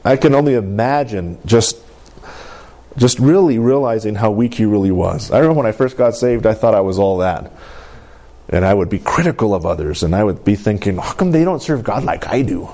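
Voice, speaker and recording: A man preaching a sermon in an animated call-and-response manner, often asking for an amen and laughing. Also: on the low side, a little fast. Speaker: pastor.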